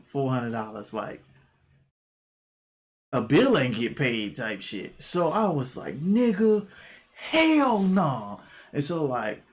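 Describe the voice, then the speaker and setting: Young male vlogger, casual storytime, animated and profane, mid-range pitch. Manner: animated, profane, jumps into quoted exclamations.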